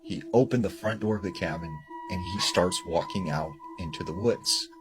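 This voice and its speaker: Lively low-voiced man telling a scary story. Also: moderate pace, poor audio. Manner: loose and chatty, full of "you know" and "like". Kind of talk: casual retelling of a scary story. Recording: music bed under the voice.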